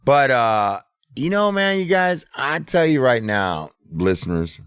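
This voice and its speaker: A man's voice: medium pitch, sing-song, unhurried, fairly bright tone, smooth, no echo, clean studio sound. A middle-aged man telling a casual, profane story as a podcast host. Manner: profane, laid-back storyteller.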